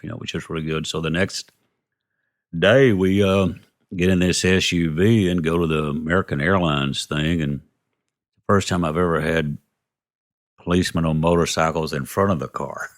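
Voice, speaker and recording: A man from Texas, a guest telling rambling anecdotes and acting out the dialogue. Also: low-pitched. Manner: rambling, retells dialogue with "I go" and "he goes". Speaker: interview guest. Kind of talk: casual anecdotal storytelling.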